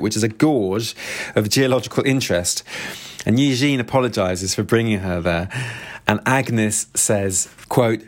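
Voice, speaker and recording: Guy with a lowish voice going through a novel's plot, reading bits out, steady and plain. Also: normal speed. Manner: steady, plain retelling with quoted passages. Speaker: book reviewer. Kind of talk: book summary with read-out quotes.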